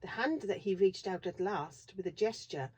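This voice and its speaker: A woman reading a classic children's novel aloud in a steady, expressive narration. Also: medium pitch, normal speed, breathy edge. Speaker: reader. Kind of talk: storybook read-aloud narration.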